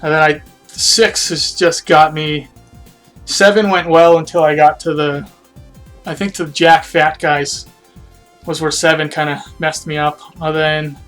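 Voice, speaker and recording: A man's voice: fairly high pitch, fairly even intonation, a little slow, a bit bright, soft background music. A man casually chatting on a live game stream, self-critical and rambling, trailing off, a bit out of breath.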